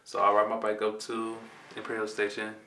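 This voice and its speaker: A man's voice: on the low side, completely flat delivery, brisk, pushed and bright, slight background noise. A man in his twenties from Compton, California, telling a personal story in a laid-back, slangy way and acting out the dialogue. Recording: roomy, mic at a distance.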